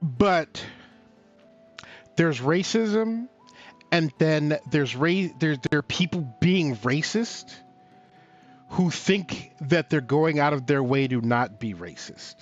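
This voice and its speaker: Slow, halting man on a talk stream. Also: on the high side, animated, highs cut off, soft background music. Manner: slow, halting, with many fillers and restarts. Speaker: talk show co-host. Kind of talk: casual discussion on a livestream talk show.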